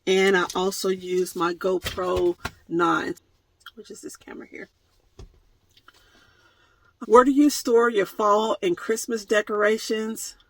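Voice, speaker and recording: A woman's voice: medium pitch, little pitch movement, takes it slowly, long pauses, no echo, poor audio. A woman vlogger answering viewer questions in a casual chat, playful and laughing often, with mock-dramatic jokes, filmed on a phone camera. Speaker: van life vlogger. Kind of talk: casual Q&A vlog.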